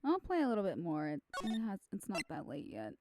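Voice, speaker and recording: A woman's voice: mid-range voice, huge pitch swings, a little fast. A young woman streaming a game, joking and reading every part aloud. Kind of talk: game playthrough commentary. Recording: game music behind voice.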